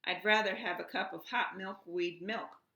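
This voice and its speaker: A woman's voice: medium pitch, normal speed, pushed and bright, echoey room. Woman doing a breathless, pleading young dragon. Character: tired, gentle young male dragon.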